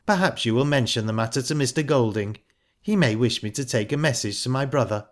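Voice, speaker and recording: A man voicing a calm, sharp-tongued young woman who speaks in a pointed, ironic way. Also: medium pitch, a little fast, natural voice. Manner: cool, pointed and cutting.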